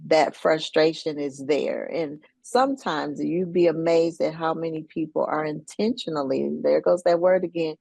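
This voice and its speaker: A woman speaking as a guest in a casual panel talk, measured and reflective. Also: low voice, gravelly, a little mellow, no room sound. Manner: measured, reflective, gives many "mm-hmm"s.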